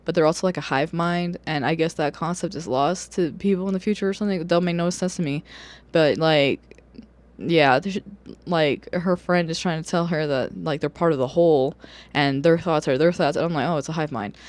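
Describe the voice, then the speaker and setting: Speaking a little fast in a mid-range voice, this book vlogger rambles through a casual review full of fillers, curses and sudden laughter. The audio comes from a camera or phone perched on a shaky stand.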